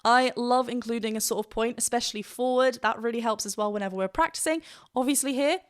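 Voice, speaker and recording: A woman's voice: on the high side, fast. A woman vocal coach reacting to a song and explaining singing technique in an enthusiastic, explanatory way, laughing often.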